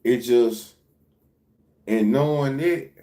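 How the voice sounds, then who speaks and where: A man's voice: mid-range voice, slow, mellow. A man hosting a livestream, talking loosely and repetitively in casual, profane slang. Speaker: livestream reaction host.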